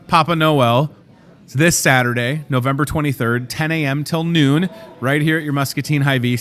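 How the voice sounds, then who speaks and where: A man's voice: medium pitch, a bit bright. A man hosting a casual promo show from inside a grocery store, chatty and joking as he shows off products. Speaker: host.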